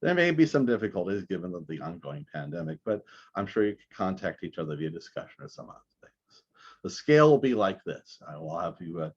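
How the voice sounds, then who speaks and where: A man teaching a math class over a recorded video call, talking in a halting way with many restarts. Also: sits low, big pitch swings, husky, lo-fi sound. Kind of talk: recorded online class lecture.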